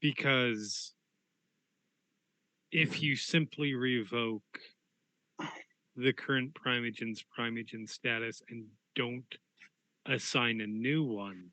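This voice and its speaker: A man's voice: mid-range voice, takes it slowly, long pauses, bright, forceful tone, no echo, rough recording. A man voicing a courteous outsider vampire who addresses a prince formally and somewhat hesitantly in a tabletop game. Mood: deferential. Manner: polite, formal, a bit hesitant.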